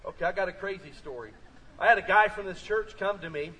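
Pastor guy preaching loud and lively, high bright voice, kinda husky, mic a ways off. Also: fast, recorded from a distance, low-quality recording. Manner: energetic, storytelling, rising to shouts. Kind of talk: sermon.

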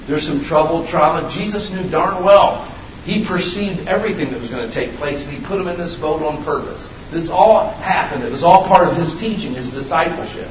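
Folksy fifty-something preacher in an echoey room. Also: male voice, on the high side, a little fast, distant mic, noisy background. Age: 50s. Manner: folksy, animated preaching with sudden shouted bursts. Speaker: pastor. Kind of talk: sermon.

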